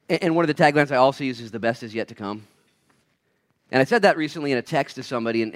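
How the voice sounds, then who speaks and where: A man pastor giving a sermon in church, swinging between quiet asides and loud, fired-up preaching. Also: medium pitch. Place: church sanctuary.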